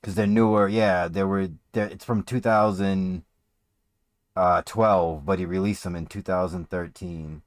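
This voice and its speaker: A man's voice: low voice, steady tone, measured pace. Sarcastic man mocking a clip. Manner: crude, sarcastic, swears often. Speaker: streamer reacting to a clip. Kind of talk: mocking reaction commentary.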